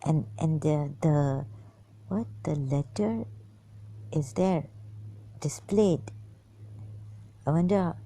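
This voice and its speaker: A woman's voice: low-pitched, slow, pauses often, mellow, rough recording. A woman reading historical texts aloud and commenting on them, musing and hesitant, stopping to puzzle over words and dropping some to a whisper. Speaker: channel host.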